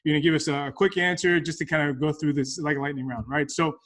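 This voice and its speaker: Chatty guy hosting a podcast, slightly higher voice, upbeat and laughing a lot. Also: fairly even intonation, fairly bright tone. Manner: upbeat, laughs often, quick questions. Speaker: podcast host. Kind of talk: casual interview chat.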